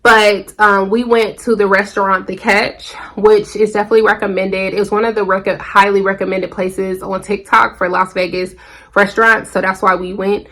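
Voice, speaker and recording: A woman talking straight to camera in a casual vlog, telling a personal story in a loose, chatty way full of fillers. Her voice is bright and forward, sitting at an ordinary middle pitch. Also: level tone, normal speed. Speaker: vlogger.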